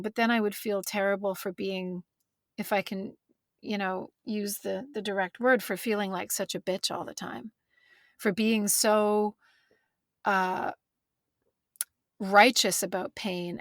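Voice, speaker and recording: A woman's voice: mid-range voice, fairly bright tone, no echo. A woman author speaking as a guest, thoughtful and candid, searching for words and close to tears. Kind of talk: reflective conversation. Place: bedroom closet.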